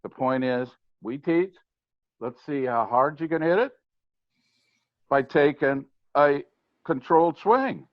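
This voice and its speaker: A man's voice: fairly high pitch, expressive, slow, long pauses, dry recording. Older man explaining emphatically, lo-fi. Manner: emphatic, matter-of-fact explaining. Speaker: guest, former ballplayer and hitting coach. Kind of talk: casual podcast conversation. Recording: slightly dull, lo-fi sound.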